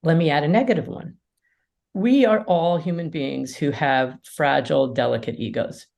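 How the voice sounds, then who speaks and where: A woman mediator and lawyer, a podcast guest, explaining ideas in an animated way and acting out quotes. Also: low voice, moderate pace, gravelly. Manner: animated storyteller, acts out quotes. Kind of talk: casual conversation.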